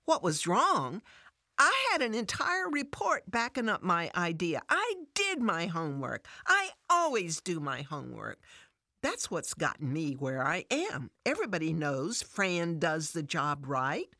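A woman voicing an upset, defensive working mother who talks in an emotional, high-strung, pleading way. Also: lively intonation, normal speed, fairly bright tone, dry recording, clean studio sound.

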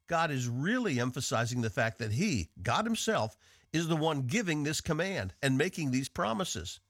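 A man from the northeastern United States teaching a devotional on the radio in an earnest, measured way. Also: a little high, very animated, fairly bright tone, no room sound, clean studio sound. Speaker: radio Bible teacher and host.

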